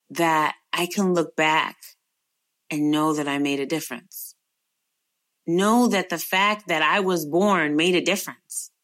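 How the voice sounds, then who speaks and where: A woman's voice: fairly low pitch, fairly bright tone. Earnest woman telling a heartfelt personal story. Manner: earnest, emotional, faith-filled storytelling; conversational, repeats phrases for emphasis.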